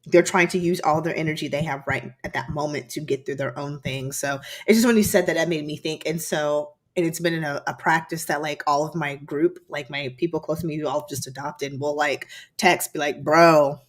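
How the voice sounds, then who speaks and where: A woman's voice: brisk, few pauses. A woman co-hosting as a counselor and healer, chatting casually and acting out the people she quotes. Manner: animated storyteller, acts out quotes with big jumps in pitch. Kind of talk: casual chat.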